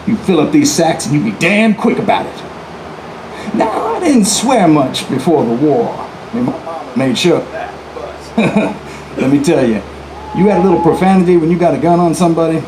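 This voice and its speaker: A historical reenactor takes on the role of a defiant, boastful outlaw who robbed banks, telling his tale in first person indoors at a live venue with folksy asides to the crowd. His voice is fairly high and dark, recorded poorly with reverb and a little hiss or hum.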